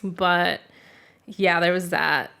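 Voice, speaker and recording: A woman's voice: fairly low pitch, steady tone, takes it slowly, gravelly, sharp tone, clear, resonant tone. A young adult woman telling a story in casual chat, filled with "like" and casual swearing.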